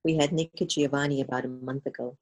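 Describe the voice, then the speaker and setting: A woman speaking as a spiritual guest in a conversational interview, earnest and animated. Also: extremely low pitch, fast talker, rough recording.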